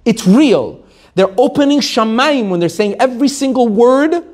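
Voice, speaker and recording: Animated rabbi asking his audience questions. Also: very high voice, normal speed. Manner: animated, asks the room questions, laughs often. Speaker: rabbi teaching a class. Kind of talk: Torah class to a live audience.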